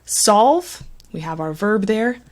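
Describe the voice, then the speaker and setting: A woman teaching an English pronunciation lesson, speaking clearly and deliberately, with strong emphasis on the words she models. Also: fairly low pitch, animated.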